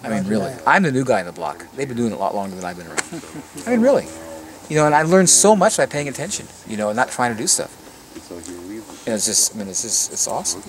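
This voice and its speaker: Guy from LA giving a garden tour, lively sing-songy voice, kinda far from the mic, crowd noise around. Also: medium pitch, quick pace. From Los Angeles area, US. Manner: animated storytelling, repeats words when starting sentences. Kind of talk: casual outdoor talk to a tour group. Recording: distant outdoor recording with crowd noise.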